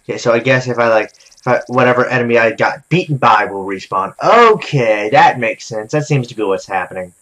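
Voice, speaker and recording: A young man calmly commenting on his own gameplay, talking to himself with many "okay"s. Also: medium pitch, brisk, low-quality recording. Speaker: gaming video host. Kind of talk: let's play commentary.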